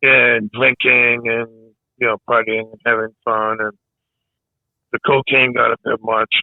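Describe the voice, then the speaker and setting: Hoarse male guest, halting delivery, thin phone-like sound, dry. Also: mid-range voice, level tone, dry recording. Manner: halting, hesitant speech. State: losing his voice. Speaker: military veteran guest. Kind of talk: casual podcast interview. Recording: tinny phone-like line.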